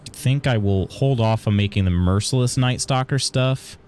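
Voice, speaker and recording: A man's voice: mid-range voice, moderate pace, a little hiss or hum. A man streaming a video game live, chatting casually and thinking aloud as he plays. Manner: relaxed, chatty, thinks aloud while playing.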